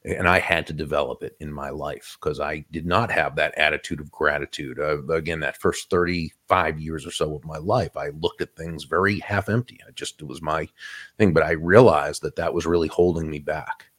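A man's voice: rumbling low, fairly even intonation, moderate pace, fairly bright tone. A man interviewed as a guest, giving reflective advice in a conversational way, often restarting his phrases. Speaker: guest author.

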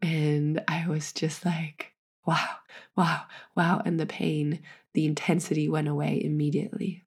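A woman's voice: deep voice, little pitch movement, moderate pace, darkish tone, husky. A pregnant woman frankly telling her own birth story, earnest and swearing freely. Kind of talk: candid personal storytelling.

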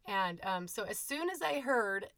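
A woman in her thirties, a mother of eight, hosting a podcast and telling candid, animated personal stories. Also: mid-range voice, measured pace, dry recording. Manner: candid, animated, quotes herself in asides. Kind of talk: casual personal storytelling.

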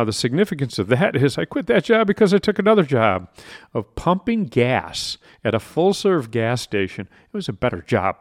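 A man with a fairly low voice hosts a motivational podcast. He tells a personal story conversationally, with asides and restarts. The sound is dry and close. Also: no echo. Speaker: podcast host.

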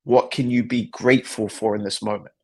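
A podcast host with a lowish voice, a breathy edge, and fairly even intonation talks fairly quickly. He recounts a personal story as motivation, in an earnest, reflective tone full of repetition.

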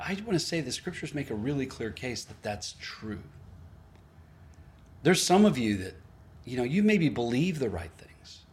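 A man preaching a sermon, earnest and storytelling, acting out both sides of a conversation with small laughs at himself. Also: mid-range voice. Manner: storytelling, quoting others in varied voices; earnest, with self-deprecating laughs. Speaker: pastor.

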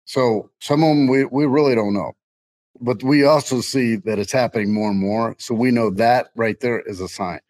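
A man's voice: medium pitch, moderate pace, a little mellow, low-quality recording. A middle-aged man co-hosting a casual faith podcast, rambling and joking, laughing often. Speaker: co-host.

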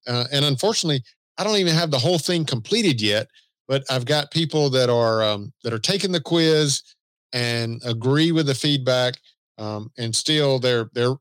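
A man's voice: medium pitch, a bit bright, no echo. A man with a Southern US accent co-hosting a podcast in easygoing, self-deprecating casual chat. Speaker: podcast co-host.

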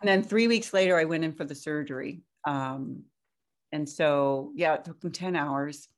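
Woman on an interview, lowish voice, animated storytelling, spikes way up for quotes. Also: moderate pace. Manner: animated, breaks into high-pitched quoted outbursts. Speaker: guest. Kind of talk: casual storytelling.

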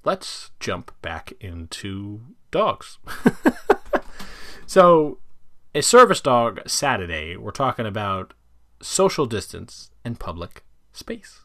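A man hosting a casual solo podcast, talking in an animated way and jumping into side tangents. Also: on the low side, takes it slowly. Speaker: podcast host.

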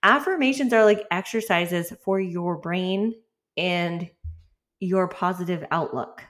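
Woman, podcast host, casual chatty talk, slightly low pitch, relaxed fillers. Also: slow. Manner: chatty, relaxed, lots of "like" and laughs.

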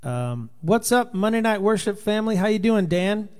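A man's voice: sits high, big pitch swings, normal speed. A man from Rhode Island hosting a casual livestream, greeting viewers by name in a loose, rambling way. His voice is tired and worn out from touring. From Rhode Island, USA. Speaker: livestream host and touring Christian musician. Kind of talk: casual live chat reading viewer comments.

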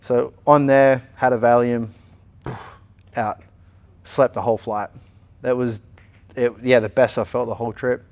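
A young Australian man at a middle pitch tells a personal story in a relaxed interview. He talks casually and brings the story to life by doing the voices of the people in it. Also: a little slow, pauses often, muffled recording. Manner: animated retelling, acting out other people's lines. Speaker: interview guest.

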